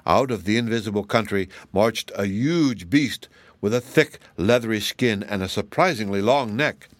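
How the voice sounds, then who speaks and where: A man narrating a children's storybook in an expressive, lively reading voice. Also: lowish voice, moderate pace, dry recording. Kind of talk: audiobook narration.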